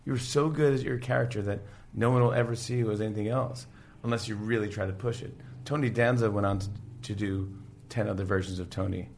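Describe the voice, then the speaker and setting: A middle-aged man in casual chat, animatedly retelling sitcom scenes and acting out the characters' lines in quick impressions. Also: on the low side, fairly even intonation, creaky, a little mellow, slight background noise. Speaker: podcast guest, talk show host.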